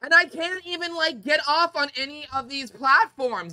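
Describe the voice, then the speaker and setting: A woman's voice: high-pitched, expressive, normal speed, sharp tone, faint music behind. A woman streaming a game, talking in a frustrated, swearing, exasperated way. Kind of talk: live game stream commentary.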